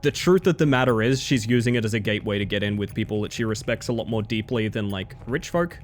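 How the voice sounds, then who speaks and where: A man's voice: on the low side, quick pace, a little hiss or hum. A man streaming live, talking in a loose, rambling way and filling gaps with "like" and "you know". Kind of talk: casual live-stream chat.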